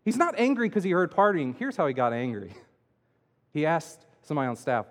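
A man preaching a sermon as pastor, swinging between loud emphatic lines and quiet asides. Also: on the high side, sing-song, normal speed. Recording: long hall reverb.

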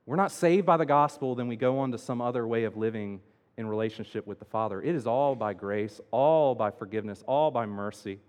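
A man preaching a sermon as pastor, swinging between loud emphatic lines and quiet asides. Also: medium pitch, brisk. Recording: long hall reverb.

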